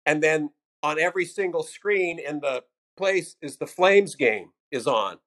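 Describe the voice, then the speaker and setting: Slightly slow and fairly high-pitched, this older comedian from the United States swaps profane career anecdotes during a relaxed interview. He keeps things loose and salty, animating the voices of those he quotes.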